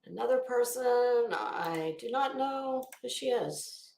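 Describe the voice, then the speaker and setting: A woman's voice: a little high, lively intonation, slow pace, gravelly, darkish tone, echoey room. A middle-aged woman giving chatty, opinionated fashion commentary in a sassy, casual way.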